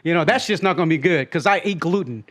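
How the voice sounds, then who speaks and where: A man's voice: on the high side, expressive, quick pace, a bit bright. A man from Long Beach, California, a guest telling a story in casual podcast talk, rambling with restarts and acting out quotes. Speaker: guest and road companion.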